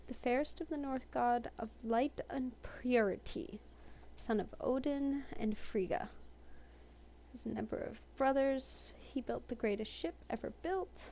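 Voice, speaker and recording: A chatty woman with a fairly high voice gives casual commentary on a game collection. She sounds amused and reads entries aloud, with her own remarks in between. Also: unhurried, mellow, a little hiss or hum. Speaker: game reviewer. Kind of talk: casual commentary while browsing.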